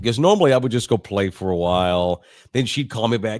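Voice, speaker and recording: A middle-aged man from Texas, co-hosting a sports podcast, telling childhood stories in a profane, animated, laughing way. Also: mid-range voice, brisk, no echo, clean studio sound. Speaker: sports radio co-host. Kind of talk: casual podcast storytelling.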